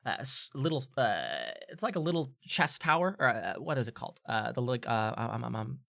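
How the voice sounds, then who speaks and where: A man's voice: mid-range voice, fairly quick, vocal fry, a bit bright, dry recording. Rambling male game master, dry sound. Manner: rambling, many fillers and restarts. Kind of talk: narrating a tabletop game.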